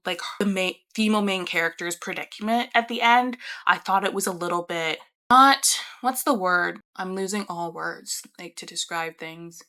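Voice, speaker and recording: A young woman talks to camera about the books she has read lately, in a casual, chatty way. Her voice is bright and clear, she laughs often, and she trails off into half-finished sentences. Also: fairly low pitch. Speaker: book vlogger. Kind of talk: casual reading wrap-up chat.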